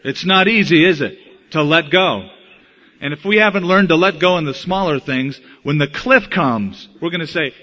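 A man preaching a sermon in an emphatic, animated way, slowing and speeding up for effect, on a dull lo-fi recording. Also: fairly high pitch. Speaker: pastor.

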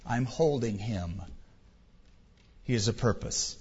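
A man's voice: mid-range voice, lively intonation, slow, darkish tone, slightly rough, voice pushed down, heavily acted. A man voicing a joyful, devout old man at peace, speaking with fervor in a dull recording with long hall reverb.

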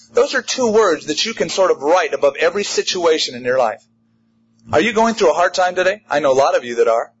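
A man preaching a sermon in an emphatic, animated way, driving home a repeated refrain. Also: fairly high pitch, highs cut off, a little hiss or hum. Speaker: pastor.

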